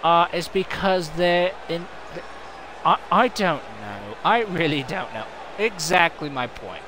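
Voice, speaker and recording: A man doing excitable, playful play-by-play wrestling commentary, bickering with himself and stumbling over his words. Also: a little high, unhurried. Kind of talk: fan-made play-by-play commentary. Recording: loud crowd and ambient noise behind.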